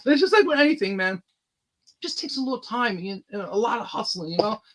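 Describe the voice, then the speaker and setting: A man with a high, bright voice talks about his own comic book in a loose podcast conversation. He rambles eagerly, with plenty of ums and restarts, his tone ringing and forward. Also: very animated, a little fast, rough recording. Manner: eager, rambling storytelling with many fillers. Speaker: independent comic book creator, guest. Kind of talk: casual podcast chat.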